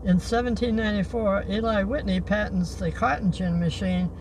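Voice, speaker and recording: Older guy w a high voice reading off history notes at the beach, halting, noisy outdoor audio. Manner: halting, slow when reading names. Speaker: livestream host.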